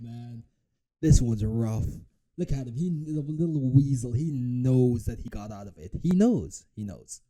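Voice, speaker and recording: Dark-voiced cursing reaction streamer man. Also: mid-range voice, normal speed. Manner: profane, animated, mocks with impressions. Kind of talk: live reaction commentary.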